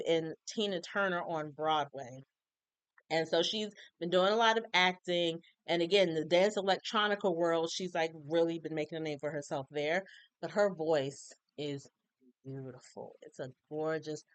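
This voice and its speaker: A woman's voice: on the low side, clean tone, no echo. A woman in her forties talking casually and with feeling about songs she loves, in a chatty, heartfelt way. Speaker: music commentator. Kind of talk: casual music commentary.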